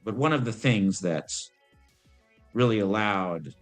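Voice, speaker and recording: Ancient female demon, calm, worldly, musing, voiced by a man, low voice, slow delivery. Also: faint music behind. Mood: measured.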